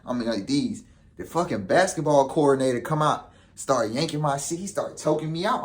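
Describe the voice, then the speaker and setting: A young man vlogs casually, telling a story in a fairly high voice at a slightly fast clip. He uses profane street slang, stays animated and acts out the quotes.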